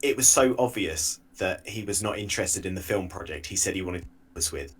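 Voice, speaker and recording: Husky, lively-voiced man in his thirties. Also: low-pitched, brisk. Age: 30s. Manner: lively storytelling, dry asides, frequent restarts. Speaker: podcast co-host. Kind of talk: casual chat.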